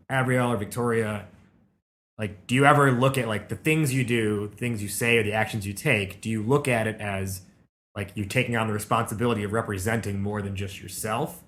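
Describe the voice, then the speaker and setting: A male podcast host asking a long question, halting and restarting as he goes. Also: medium pitch, a bit bright. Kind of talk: interview questions.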